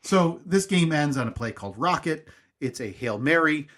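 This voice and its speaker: A man's voice: fairly high pitch, lively intonation, normal speed, a bit bright. A man in his thirties co-hosting a podcast, telling a long story in a casual, rambling, self-mocking way. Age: 30s. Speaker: podcast co-host.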